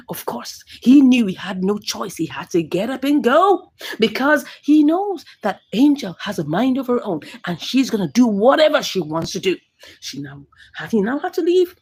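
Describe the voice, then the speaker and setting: Animated woman recapping a drama. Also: high-pitched, husky. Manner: animated, laughs often, drops to whispers. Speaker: movie recap reviewer. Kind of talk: casual recap commentary.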